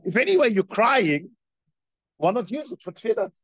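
A man's voice: high voice, moderate pace, no echo, muffled recording. A man teaching a Torah class, reading a text and explaining it with strong emphasis and repetition. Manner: reads Hebrew text, then explains in English with rising emphasis; animated, repeats points for emphasis.

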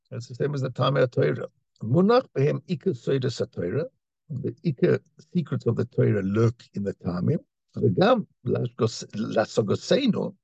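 A man's voice: medium pitch, vocal fry, a little mellow, husky, no room sound, lo-fi sound. A man teaching a Torah class, reading Hebrew phrases and explaining them in English, often repeating words as he searches for the next one. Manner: reads Hebrew lines then translates, with repetitions and restarts.

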